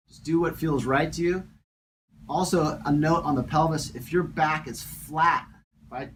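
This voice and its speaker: A man's voice: mid-range voice, slight background noise, poor audio. Man casually explaining an exercise. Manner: relaxed, step-by-step instructions, repeats phrases. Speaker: fitness instructor.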